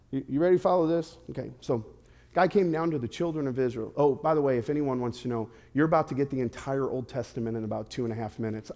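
A male pastor preaching a sermon in a lively way, asking the congregation direct questions and adding playful asides. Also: mid-range voice. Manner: animated, asks the audience direct questions.

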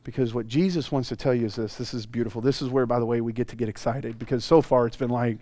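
A male pastor preaching a sermon, telling stories with animated swings from loud bursts to hushed, intimate passages. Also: mid-range voice, quick pace, dry recording.

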